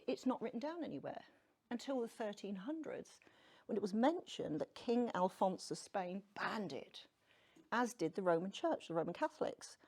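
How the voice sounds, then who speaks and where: A woman lectures a live audience in a loose, conversational way, teasing herself and throwing questions out to the room. Her pitch swings widely as she talks. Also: darkish tone. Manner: chatty and self-deprecating, asks the audience questions. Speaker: tarot speaker giving a public talk.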